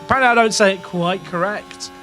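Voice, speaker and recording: A young man with an English accent talks through a racing management game for his live chat. His voice sits high and he rambles, doubling back to question his own calls. Faint game music plays underneath. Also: fast, pushed and bright. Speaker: gaming streamer. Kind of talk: casual live game commentary.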